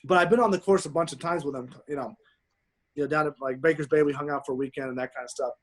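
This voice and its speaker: A man guesting on a podcast, telling stories in a casual chat, swearing constantly and talking with excited emphasis. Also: on the high side, fast talker.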